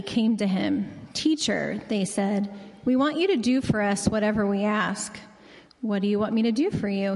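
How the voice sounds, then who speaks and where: A woman's voice: on the high side, darkish tone. Woman reading scripture in a reverberant hall. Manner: measured, clear reading aloud. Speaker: scripture reader. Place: church sanctuary. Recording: long reverb of a large hall.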